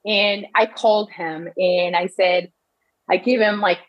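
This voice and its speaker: A woman's voice: fairly low pitch, fairly even intonation, a little slow, dull audio. A woman in her thirties telling her own medical story in casual talk, often restarting and quoting doctors in her own voice. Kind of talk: personal storytelling.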